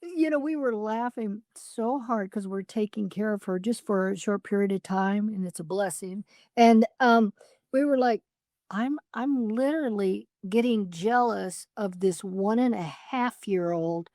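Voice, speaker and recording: Reflective woman podcast co-host with a mellow voice, dry close recording. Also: mid-range voice, no room sound. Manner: reflective and open, talks about family. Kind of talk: casual heartfelt chat.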